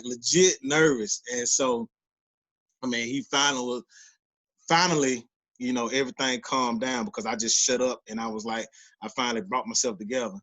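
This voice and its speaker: A man, co-hosting a podcast and telling a personal story in a casual, animated way, loudly acting out the voices of the people he quotes. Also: mid-range voice, low-quality recording. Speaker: podcast co-host.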